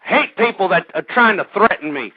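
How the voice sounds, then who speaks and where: A man's voice: high-pitched, animated, moderate pace, slightly rough, no room sound. A man hosting a radio show, ranting at listeners in a hostile, angry way. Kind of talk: ranting talk radio monologue. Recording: tinny phone-like dry audio.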